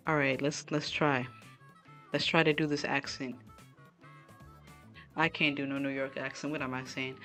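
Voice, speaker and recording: Low-voiced chatty woman streaming a game. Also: level tone, moderate pace, long pauses, a bit bright, faint music behind. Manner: chatty, talking to chat while playing. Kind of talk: casual live game streaming. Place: room at home.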